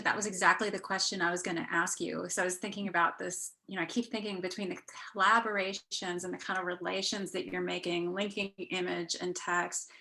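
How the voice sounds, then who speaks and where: Woman moderator, low gravelly voice, chatty, thinking aloud on a video call. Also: pushed and bright. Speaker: panel moderator. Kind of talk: casual panel discussion over video.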